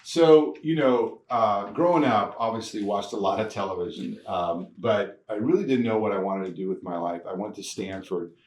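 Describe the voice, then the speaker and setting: A man telling stories from his career in a casual interview, animated, laughing often and acting out the people he quotes. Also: lowish voice, moderate pace, hardly any pauses. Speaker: guest, TV producer. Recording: echoey room, mic at a distance, faint noise.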